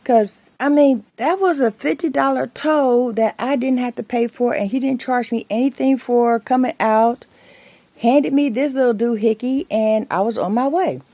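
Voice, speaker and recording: Mellow, chatty woman storyteller. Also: fairly high pitch, normal speed, dry recording, dull audio. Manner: chatty, rambling, laughs between anecdotes. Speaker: soap maker and vlogger. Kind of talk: casual storytelling to camera.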